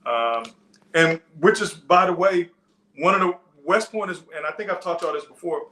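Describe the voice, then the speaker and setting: A man's voice: sits high, moderate pace, sharp tone, reverberant. A man preaching a sermon in a loose, conversational teaching style, with frequent restarts and side stories. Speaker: pastor. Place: church.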